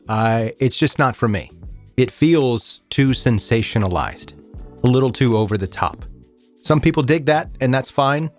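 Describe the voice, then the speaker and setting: A man in the middle pitch range hosts a true crime podcast. He moves between measured, somber storytelling and relaxed chat with his listeners. A soft music bed sits behind his voice. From American South. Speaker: podcast host.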